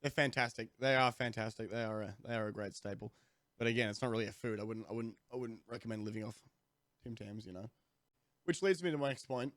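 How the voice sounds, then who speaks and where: A young Australian man ranting comically to camera as a streamer, rambling with restarts and sudden jumps in pitch. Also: fast, fairly bright tone, no room sound, studio quality. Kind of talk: comedic rant to camera.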